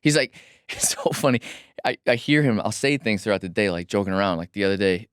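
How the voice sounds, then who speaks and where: A man's voice: fairly low pitch, expressive, a little fast, clean tone, no room sound. A man in his thirties from Long Island, a musician guest, talking candidly in a studio, emphatic and restless with many restarts. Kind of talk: casual candid conversation.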